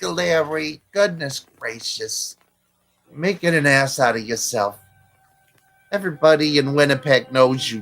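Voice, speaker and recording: A man's voice: a little high, bright, forceful tone. A male host mocking a clip with teasing, ribbing banter. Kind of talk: mocking commentary over a clip.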